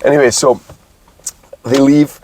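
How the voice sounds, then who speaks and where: A man's voice: medium pitch, steady tone, a little slow, mellow, rough recording. A man co-hosting a casual movie podcast over a video call, retelling scenes with sound effects. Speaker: podcast co-host.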